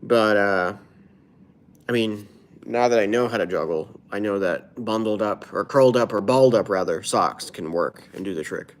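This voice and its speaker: A man's voice: on the low side, normal speed. Tired American man reading chat aloud. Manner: reads out viewer comments and keeps asking for subscribers. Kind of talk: casual livestream chat.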